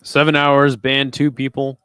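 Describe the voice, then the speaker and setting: A man's voice: mid-range voice, monotone, unhurried, sharp tone, smooth, dry recording, studio quality. A tired young man hosting a live watch-along stream, calling the action casually and swearing freely between plays. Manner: laid-back, swears freely, drifts between play-calling and chat.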